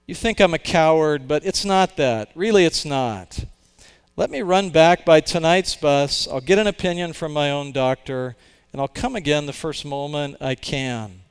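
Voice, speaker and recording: A man's voice: a little high, normal speed, clear, resonant tone, long reverb tail, voice pushed up, natural voice. A man doing a frightened, pleading male ghost. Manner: pleading, agitated, raised voice.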